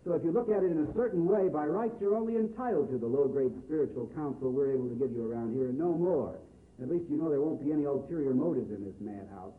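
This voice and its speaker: A man playing a young man who talks to his sister in a low, quiet, blunt and brotherly way. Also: fast, recorded from a distance, close to an everyday voice. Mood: earnest. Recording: echoey, phone-like, faint hiss.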